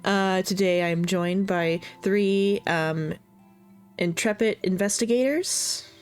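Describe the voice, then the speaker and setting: An easygoing woman running a live-streamed tabletop game as game master, speaking slowly and a bit scattered. Faint music plays behind her. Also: mid-range voice, clear, resonant tone.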